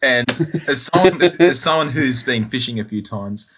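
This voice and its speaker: A man's voice: mid-range voice, expressive, moderate pace, noisy background. An Australian man co-hosting a casual podcast, telling a work story with laughs and swearing. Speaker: podcast co-host. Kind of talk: casual chat.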